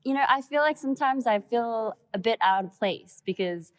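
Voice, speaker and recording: A young woman answering interview questions softly, with hesitations and restarts. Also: on the high side, expressive, moderate pace, no echo. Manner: soft, hesitant, many fillers and restarts. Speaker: guest. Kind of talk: casual interview chat.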